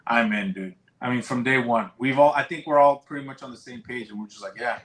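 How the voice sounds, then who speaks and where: Man co-hosting a podcast, blunt and sweary, mid pitch, roomy echo. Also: fast talker, a bit bright. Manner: blunt, emphatic, profane. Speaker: podcast co-host. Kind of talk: casual chat.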